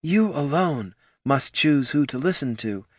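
Man voicing a steady orc sister, soft, measured, slightly raised voice, storybook. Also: mid-range voice, husky, no echo, studio quality, voice pushed up. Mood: earnest.

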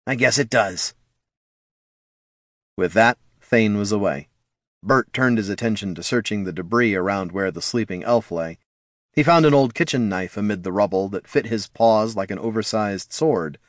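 This audiobook narrator is a man whose fairly low voice carries an expressive storytelling style at normal speed. It's a dry recording with clean studio sound.

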